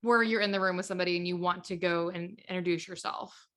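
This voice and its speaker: A woman's voice: fairly low pitch, fairly even intonation, fast, fairly bright tone. A woman hosting a podcast, posing long, careful questions to her guest. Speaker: podcast host. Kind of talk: interview questions.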